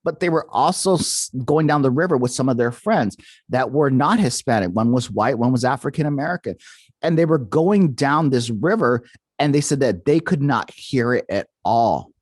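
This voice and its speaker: A man's voice: mid-range voice, lively intonation, moderate pace, a little mellow, breathy edge, dry recording. Rambling male podcast host, dry sound. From Arizona. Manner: rambling, many fillers and restarts. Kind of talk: casual storytelling.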